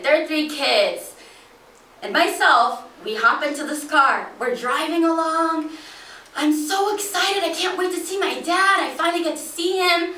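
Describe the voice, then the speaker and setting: A woman telling a dramatic first-person story, expressive, acting out each voice. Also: high-pitched. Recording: echoey room, from a distance.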